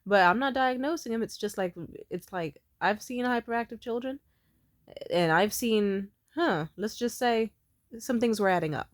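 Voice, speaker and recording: A woman in her twenties telling a story in a blunt, profane, animated way, as a vlogger. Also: a little high, normal speed, no room sound, studio quality. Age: 20s. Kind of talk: casual storytime monologue.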